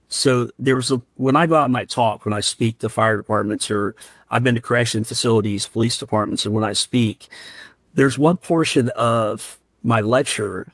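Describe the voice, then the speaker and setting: A firefighter and paramedic from Central Ohio speaks as a podcast guest, telling candid stories in an earnest, heartfelt way and growing emotional as he recounts them. His voice sits at an ordinary middle pitch. The sound is dry and close, with no room sound.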